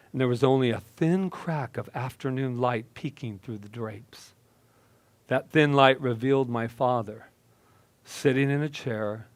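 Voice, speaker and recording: A male minister tells a personal story at a very slow, deliberate pace. His voice sits in a middle pitch and leans into the dramatic moments. The recording is dry and close, with little room sound. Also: no echo. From United States.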